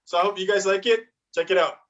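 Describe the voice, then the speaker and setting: A man's voice: high-pitched, fairly even intonation, quick pace, fairly bright tone, dull audio. A man in his thirties with a Malaysian English accent doing a chatty stand-up comedy set and laughing at his own jokes. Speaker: musical comedian.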